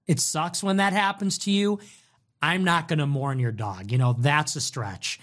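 A man hosting a livestream, reacting to chat messages in a sarcastic, mocking way with quick swings in tone. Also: a little high, fairly bright tone. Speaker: livestream host.

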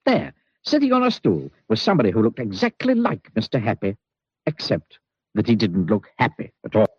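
A man narrating a children's storybook with expressive, drawn-out emphasis. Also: fairly low pitch, slightly rough, no echo. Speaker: audiobook narrator. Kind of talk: storybook reading. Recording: muffled recording with soft music.

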